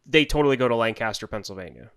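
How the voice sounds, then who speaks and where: A man's voice: medium pitch, lively intonation, rapid-fire, a bit bright. A man co-hosting a podcast, rambling and restarting his sentences in casual chat. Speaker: podcast co-host.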